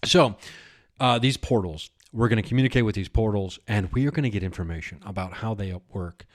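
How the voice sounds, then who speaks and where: A man with a voice on the low side hosts a podcast, talking a little fast in a rambling, improvised comic monologue. He often breaks into giggles and chats with imaginary characters.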